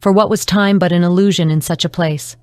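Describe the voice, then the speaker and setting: A woman narrating an audiobook in a measured, dramatic reading. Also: lowish voice, steady tone, clear, resonant tone, no echo. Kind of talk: scripted narration.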